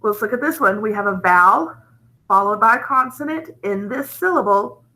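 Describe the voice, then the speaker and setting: A woman teaching a phonics lesson, explaining patiently with gentle enthusiasm. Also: medium pitch, lively intonation, moderate pace, poor audio.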